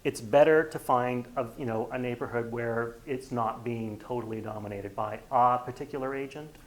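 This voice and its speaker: A man's voice: mid-range voice, fairly even intonation, normal speed, poor audio. A man leading a real estate training session, talking casually and often acting out bits of dialogue. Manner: conversational, acts out quoted dialogue. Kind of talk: workshop lecture.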